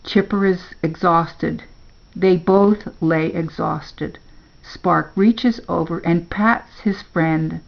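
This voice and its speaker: An older woman, a grandmother, reading a children's story aloud in a slow, gentle storybook manner. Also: fairly low pitch, fairly even intonation, vocal fry, lo-fi sound.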